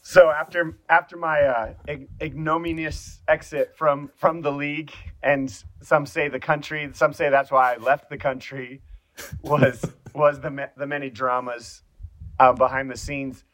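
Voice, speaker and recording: A man's voice: on the high side, flat delivery, unhurried, a bit bright. A man from New Zealand chats as a podcast guest. He jokes about himself and rambles, often stopping and restarting mid-sentence. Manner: jokey, self-mocking, rambling with restarts. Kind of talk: casual podcast chat.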